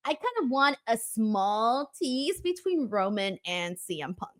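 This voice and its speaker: Excitable woman hosting a wrestling review. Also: on the high side, measured pace. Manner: excited, laughs often, reads viewer messages. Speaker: host. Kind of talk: casual wrestling review show.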